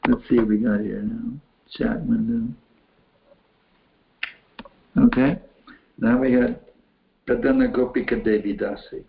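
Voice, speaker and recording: The speaker is a man, a spiritual teacher, whose creaky voice sits in the mid range as he replies to questions from a chat window. His manner is folksy and repetitive, full of restarted phrases. Sound quality is tinny, like a phone, and the room is echoey.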